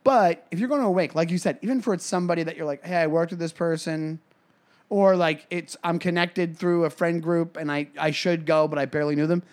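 A man's voice: fairly high pitch, fast, hardly any pauses, darkish tone. A man co-hosting a comedy podcast, chatting casually and telling rambling stories that keep interrupting themselves. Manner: rambling, self-interrupting storytelling. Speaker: podcast co-host.

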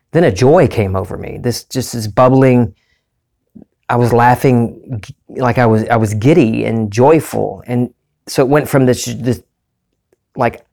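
A man's voice: medium pitch, darkish tone. A man giving a candid personal monologue as a self-help speaker, earnest and confessional, rambling with restarts.

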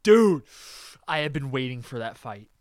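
A man hosting a podcast in casual chat, excitable and profane, laughing often. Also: medium pitch, moderate pace, no echo, clean studio sound. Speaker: podcast host.

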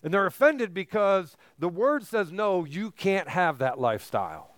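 Male pastor, emphatic sermon delivery, high clear voice. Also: sing-song, moderate pace, few pauses, no echo. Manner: emphatic preaching, rising to near-shouts on key phrases.

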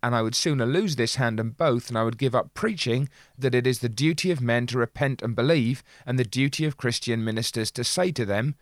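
A man commenting on an old sermon, explaining its meaning and reading passages from it aloud in an earnest, measured way. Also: medium pitch, no echo, clean studio sound.

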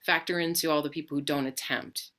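A woman with a low voice offering gentle, reassuring reflections. She speaks slowly and deliberately, in a calm spiritual tone.

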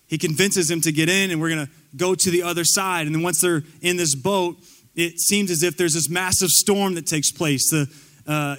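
High-voiced man preaching with big swings. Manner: dynamic preaching, rising to near-shouting and dropping to soft tones; casual, conversational phrasing with playful asides. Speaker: pastor. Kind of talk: sermon.

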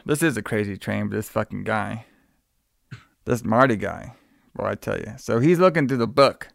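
A man's voice: on the low side, expressive, normal speed, vocal fry, no room sound, clean studio sound. A man on a podcast recapping a movie in casual chat, rambling and repeating words as he acts out bits of dialogue. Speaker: podcast co-host.

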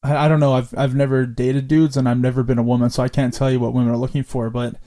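A man's voice: mid-range voice, flat delivery, fast, warm tone. A middle-aged man hosting a podcast, telling candid stories and swearing freely in casual chat. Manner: candid, profane storytelling. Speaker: podcast host.

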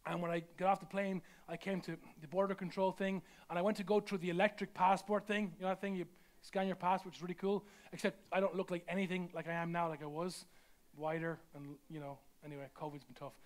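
A man's voice: high-pitched, level tone, fast talker. A man preaches a sermon. He talks in a loose, conversational way, doubling back on his words and stacking phrase after phrase for emphasis. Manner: conversational, repeats words, builds with rising emphasis. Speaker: pastor.

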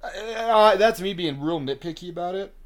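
A man's voice: sits high, lively intonation, moderate pace. A man co-hosting a podcast, talking in a crude, jokey, ranting way. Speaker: podcast co-host. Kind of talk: casual podcast chat.

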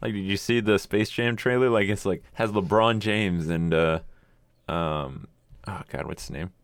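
Man, very low voice, rambling casual chat, lots of fillers, dry close sound. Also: measured pace, clean tone, no room sound. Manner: rambling, swears, many fillers.

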